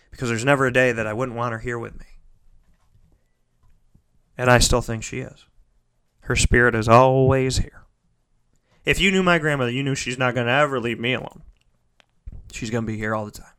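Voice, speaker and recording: A man giving a heartfelt motivational monologue. He repeats phrases for emphasis and swings between loud, pushing lines and soft, near-whispered ones. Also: mid-range voice, brisk, pauses often, clear, resonant tone.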